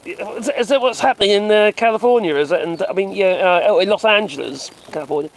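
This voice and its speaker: A man with a high voice streams live from his phone, reacting to a speech in a casual way. He is sarcastic and mocking, and drops swear words between dry chuckles. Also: expressive, fast, rough recording.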